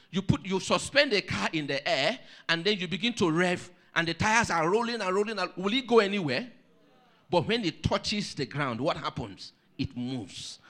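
With a voice that sits high, a male pastor preaches, telling a story energetically and questioning the congregation.

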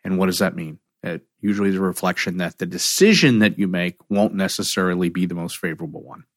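Speaking in a low voice, a middle-aged counselor talks reflectively about emotional triggers, an animated storyteller who performs the dialogue he quotes. The sound is clean studio audio with no room sound.

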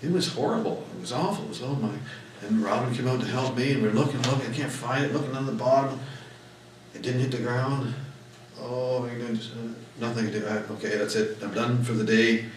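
A man's voice: medium pitch, level tone, fairly quick, far from the mic, slight background noise. A man preaching a sermon as pastor, telling personal stories in a folksy, emphatic way. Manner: folksy storytelling, emphatic rises on key words. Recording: echoey room mic'd from afar.

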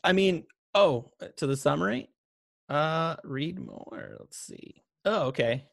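A man's voice: fairly high pitch, expressive, takes it slowly, creaky, a bit bright. Giggly, chatty man co-hosting. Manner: chatty, laughs often, self-deprecating. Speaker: podcast co-host. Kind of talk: casual chat.

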